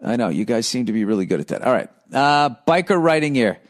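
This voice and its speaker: A man's voice: medium pitch, sing-song, fast, hardly any pauses. A middle-aged man hosting a podcast, ranting sarcastically and profanely about cyclists while reading listener letters. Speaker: podcast host.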